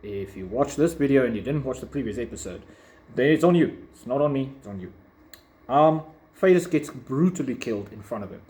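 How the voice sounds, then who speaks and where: Guy ranting casually in a review, lots of ums and likes, mid pitch. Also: lively intonation, brisk, mellow. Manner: opinionated, rambling with fillers. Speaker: video reviewer. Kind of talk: casual commentary.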